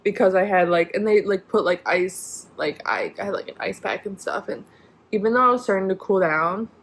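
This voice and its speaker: A woman's voice: mid-range voice, fairly quick, a bit bright, husky. Young woman, casual storytime vlog, rambling, lots of fillers. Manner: rambling, many "like" fillers and restarts. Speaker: vlogger.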